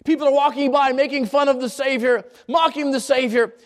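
A man with a high voice preaching an impassioned sermon. He surges upward when stressing a point and sinks low and quiet when he prays. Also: steady tone, a little fast. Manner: impassioned, rises high for emphasis then drops to a hushed prayer. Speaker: pastor.

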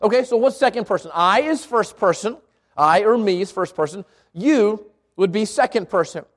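A man with a noticeably high voice leads an informal Bible lesson in church. He talks conversationally, stumbles and restarts words, and keeps checking in with the room by asking "right?". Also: lively intonation, normal speed. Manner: conversational, repeats himself and asks the room "right?". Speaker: preacher teaching a Bible class.

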